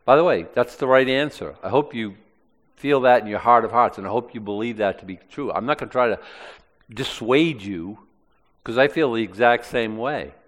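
A man's voice: mid-range voice, moderate pace, fairly bright tone, in a large hall. A male preacher reading aloud from the Bible and commenting on it in plain, conversational asides during a sermon.

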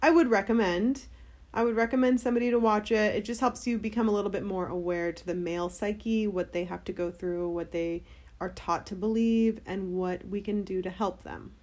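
A young woman co-hosts a podcast in relaxed, rambling chat, leaning on fillers as she tells a story. Her voice is mellow and warm, at a middle pitch. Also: fairly quick. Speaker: podcast co-host. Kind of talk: casual chat.

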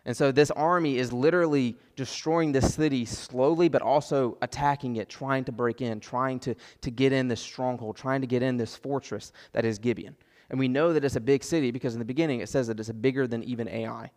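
A man's voice: mid-range voice, brisk, big-room sound. A man preaching a sermon as pastor, impassioned, repeating phrases for emphasis and acting out prayers.

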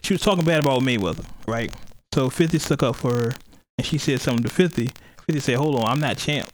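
A man's voice: mid-range voice, fast talker, slight background noise, poor audio. Rambling, profane male podcast host. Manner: rambling, profane, laughs while retelling. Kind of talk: casual chat.

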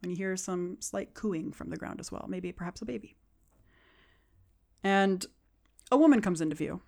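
A woman narrating a tabletop game as game master, describing scenes with soft asides. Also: fairly low pitch, moderate pace, vocal fry, pauses often.

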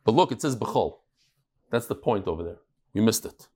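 A man from Brooklyn giving a daily Talmud lecture to a live class, animated and emphatic, firing questions and quick asides at his students. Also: fairly low pitch, breathy edge. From Brooklyn, New York. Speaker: Talmud teacher.

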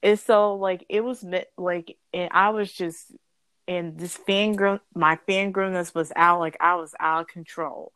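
A woman's voice: lowish voice, steady tone, measured pace, a bit bright, clean tone, no echo. A young woman telling a story in a bubbly, rambling way, often correcting herself and giggling. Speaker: guest storyteller. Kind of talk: casual storytelling.

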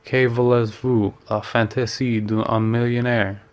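In a medium-pitched, flat, unhurried voice with light acting, a man reads the part of a witty, worldly male painter. Sounding amused and breezy, the painter teases his friend and sprinkles in a few French phrases.

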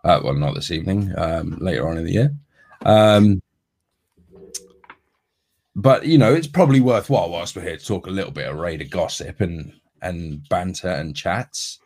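A man's voice: deep voice, moderate pace, darkish tone. A man co-hosting a casual sports podcast, rambling with lots of ums and restarts. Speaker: podcast co-host.

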